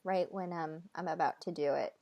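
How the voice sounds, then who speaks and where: A woman channeler talking casually, nervous and halting, with many fillers and restarts, relaying an unseen being's words in her own voice. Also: sits low, fairly even intonation, vocal fry, darkish tone. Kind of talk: casual conversation.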